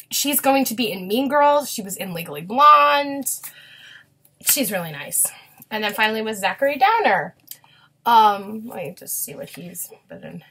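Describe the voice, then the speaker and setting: A young woman chatting casually in a vlog, gushing and quick to get emotional. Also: medium pitch, fairly bright tone, slight background noise. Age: young adult. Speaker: vlogger. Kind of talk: casual chat.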